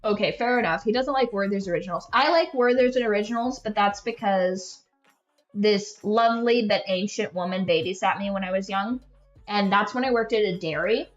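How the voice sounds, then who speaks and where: A woman's voice: mid-range voice, moderate pace, soft background music. A young woman hosting a podcast, telling stories in a casual, rambling, self-deprecating way and leaning heavily on "like" as a filler. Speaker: podcast host. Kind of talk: casual rambling storytelling chat. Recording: echoey room, dull lo-fi sound.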